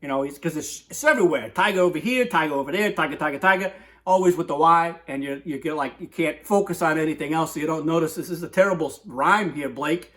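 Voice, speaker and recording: Slightly high-voiced man, comic poetry host, rambling and tangential, keeps tossing in "right?". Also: fast talker, fairly bright tone. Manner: rambling, digressive, lots of "right?".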